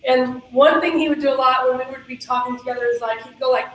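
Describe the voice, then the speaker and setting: Woman moderator, high voice, roomy echo, faint hiss. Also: steady tone, fast talker. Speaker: panel moderator. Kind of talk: casual moderating. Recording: echoey room with faint hiss.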